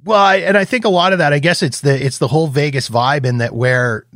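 A man's voice: fairly high pitch, a little fast, a bit bright, dry recording. Dry-miked man hosting a podcast. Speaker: podcast host. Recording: dry close mic with faint music.

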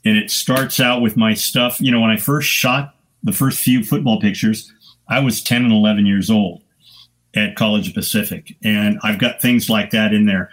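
An older man, a photographer on a podcast, telling sports stories casually with lively, profane energy, acting out the people he quotes. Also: on the low side. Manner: animated anecdotes with profanity, acting out quoted voices. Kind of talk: casual storytelling.

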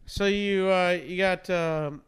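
A man's voice: sits high, fairly even intonation, slow pace, smooth. A man, a radio host in casual chat, tossing in playful quips. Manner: playful interjections, mock British quips.

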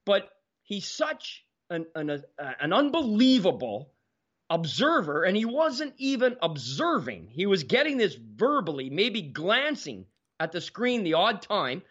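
Animated man telling stories. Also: high voice, measured pace, husky. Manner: animated, acts out quoted dialogue. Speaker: guest. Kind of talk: casual storytelling. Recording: dull lo-fi sound.

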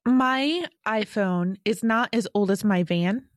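A woman co-hosts a podcast in easy, chatty conversation. She pokes fun at herself and laughs easily. Her voice sits at a middle pitch, recorded close and dry. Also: takes it slowly, dry recording. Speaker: podcast co-host.

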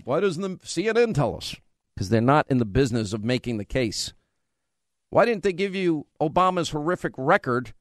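A man's voice: on the high side, no echo, studio quality. A man hosting a talk radio show, delivering an opinionated, sarcastic monologue. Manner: combative, sarcastic.

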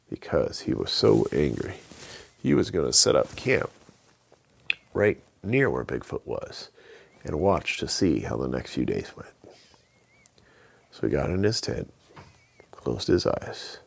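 A deep-voiced man telling a bedtime story, his voice gravelly and husky. He takes his time, and his pitch swings widely as he tells it. The delivery is plain storybook narration. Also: big pitch swings, measured pace, long pauses.

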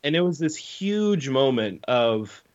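A young man co-hosting a podcast, telling a story in a casual, animated way with lots of fillers. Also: medium pitch, slow. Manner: animated storyteller, many fillers and acted quotes. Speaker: podcast co-host. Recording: slightly dull lo-fi sound.

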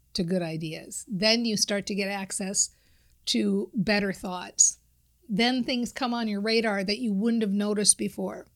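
A woman hosting a podcast, talking through a motivational monologue in an earnest way and repeating her phrases. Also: fairly high pitch. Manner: earnest, repetitive self-talk phrasing. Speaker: podcast host, mindset coach.

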